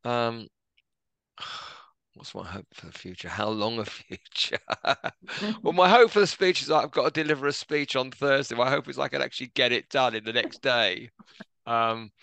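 A middle-aged man, a podcast guest, telling reflective stories in a gentle, self-deprecating way. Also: medium pitch, lively intonation, normal speed, vocal fry, dry recording. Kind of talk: relaxed conversational storytelling.

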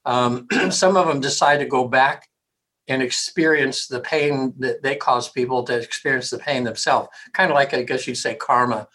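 A man, a hypnotherapist, speaking casually and rambling in an interview, with frequent throat clearing. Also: medium pitch, moderate pace, bright, forceful tone, rough recording.

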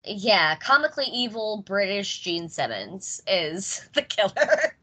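An American woman hosts a podcast in easy, casual chat and laughs often along the way. Her voice is bright and forward, and her pitch moves a lot as she talks. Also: slow, slightly rough. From United States. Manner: laughs often, animated and chatty. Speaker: podcast host. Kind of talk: casual chat reviewing a movie.

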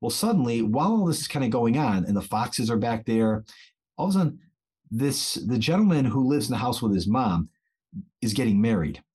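A man's voice: medium pitch, a little fast, husky. A man in his thirties, a teacher and children's author, telling a story in casual conversation and acting out the voices he quotes. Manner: animated, acts out quoted voices.

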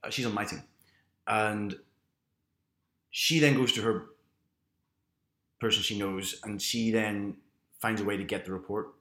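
A man with a somewhat low voice talks casually, offering frank advice and a story from his job, often restarting his sentences. The sound is roomy, with echo around him. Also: fairly even intonation, measured pace, pauses often, sharp tone. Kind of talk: casual chat.

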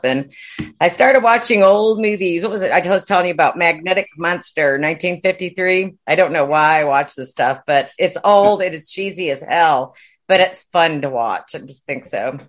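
A woman co-hosting a podcast, telling what she has been up to in an easygoing, chatty way. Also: on the low side. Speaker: podcast co-host. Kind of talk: casual chat.

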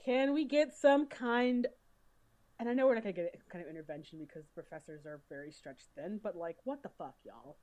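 A woman's voice: on the low side, lively intonation, brisk, darkish tone, poor audio. A woman co-hosting a podcast in casual chat, swearing freely and laughing often. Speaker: podcast co-host.

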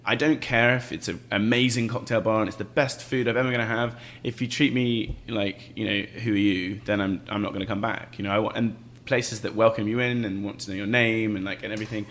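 A man's voice: on the low side, steady tone, fast, hardly any pauses, fairly bright tone, slight background noise. A man from England with an accent from Bath, an actor chatting as an interview guest, with many fillers and frequent laughter. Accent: English, from Bath. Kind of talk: casual interview chat.

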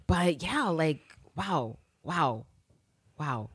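A woman's voice: sits low, expressive, extremely slow, breathy edge, dry recording, clean studio sound. Blunt, profane woman podcaster. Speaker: podcast co-host. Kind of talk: casual TV recap chat.

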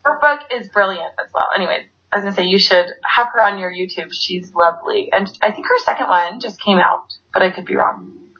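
A woman's voice: medium pitch, a little fast, a bit bright, muffled recording. A woman author chatting effusively and rambling as a guest in an online interview. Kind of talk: casual interview chat. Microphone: video call.

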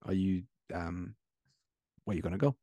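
Deep-voiced guy running a horror tabletop game, halting and stammery, dry close sound. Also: dark tone, no echo. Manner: halting, stammering narration with laughs. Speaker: game master.

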